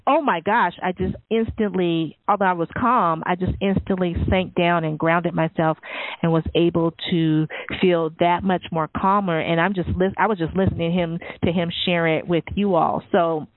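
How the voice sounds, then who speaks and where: A woman's voice: fairly low pitch, no room sound. A woman podcast host talking casually and effusively, addressing her listeners directly with enthusiasm. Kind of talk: casual interview chat. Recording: dry, tinny phone-like sound.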